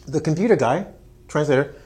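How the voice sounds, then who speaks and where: In a slightly fast, somewhat mellow voice pitched on the high side, a man gives a video English lesson. His style is playful and self-mocking as he jokes and imitates his students.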